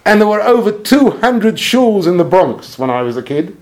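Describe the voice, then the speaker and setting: A man voicing a frail ninety-year-old rabbi who talks in a soft, slow, low murmur. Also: very animated. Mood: reflective.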